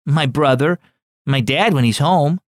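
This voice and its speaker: A man voicing a sad young girl who asks soft, wondering questions. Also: fairly high pitch, unhurried, no echo, studio quality, natural voice. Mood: wistful.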